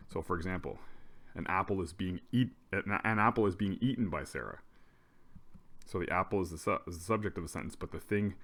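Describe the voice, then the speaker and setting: A male teacher explaining a grammar lesson in a relaxed way, often restarting his sentences. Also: low-pitched.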